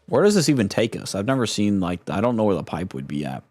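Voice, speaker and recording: A man's voice: lowish voice, sing-song, fast talker, a little mellow. A young man casually commenting while playing a video game, joking and rambling with lots of slang. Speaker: gaming streamer. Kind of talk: casual let's play commentary. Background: game music.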